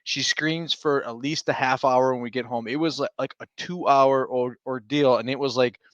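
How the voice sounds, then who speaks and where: A man's voice: medium pitch, fairly even intonation, normal speed, dry recording, lo-fi sound. A man in his thirties, a stay-at-home dad co-hosting a podcast, telling a long rambling story in casual chat with restarts and laughs.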